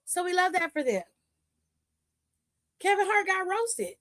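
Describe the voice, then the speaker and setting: A woman hosting a wrestling recap, telling it in animated casual chat and acting out the quotes. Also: very high voice, measured pace, dry recording, studio quality.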